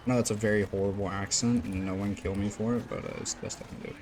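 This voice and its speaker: Low-voiced man rambling through gameplay commentary. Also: steady tone, fast talker, few pauses, background noise. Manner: rambling, lots of fillers, occasional swearing. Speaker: gaming channel host.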